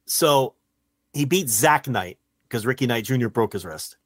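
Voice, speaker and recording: A man's voice: mid-range voice, expressive, measured pace, no room sound, clean studio sound. A man with an Ohio accent, co-hosting a podcast in casual chat, teasing and joking with his partner. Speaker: podcast co-host.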